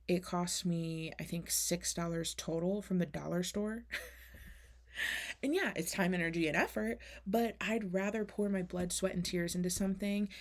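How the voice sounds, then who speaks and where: Casual woman oracle reader, low gravelly voice, candid and chatty. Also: steady tone, moderate pace. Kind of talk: casual spoken oracle reading.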